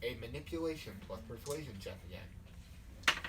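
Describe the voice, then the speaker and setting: A man running a tabletop game as game master, chatting in quick asides, recorded from a distant mic. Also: mid-range voice, expressive. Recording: distant mic, faint noise.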